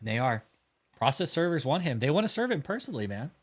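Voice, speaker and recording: A man's voice: a little high, sing-song, fast talker. A man hosting a livestream, talking casually and heatedly, swearing often and mocking his target while reacting to chat. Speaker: livestream host.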